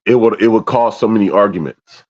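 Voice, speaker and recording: Animated man telling stories, muffled audio. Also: lowish voice, brisk, crowd noise. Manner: animated storyteller, acts out his own reactions with loud swearing. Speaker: podcast co-host. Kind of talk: candid casual chat.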